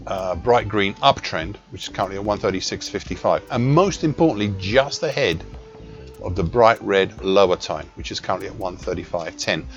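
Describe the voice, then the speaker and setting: Low-pitched male analyst, measured, precise, scripted market commentary, muffled lo-fi sound with faint music underneath. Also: expressive. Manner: measured and precise, with small self-corrections. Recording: dull lo-fi recording with faint music.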